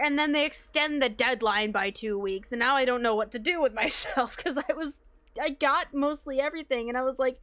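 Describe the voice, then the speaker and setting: A young woman streamer chatting casually with her viewers, rambling, swearing freely and filling pauses with likes and ums. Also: sits high, a bit bright. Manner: rambling, swears casually, frequent fillers and laughs.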